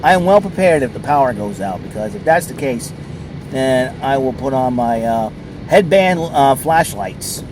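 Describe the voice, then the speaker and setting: A man's voice: medium pitch, expressive, normal speed, background noise. A man chatting casually while sitting in his car at a mall, rambling along with lots of fillers. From southern New England. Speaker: vlogger. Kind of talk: casual chat.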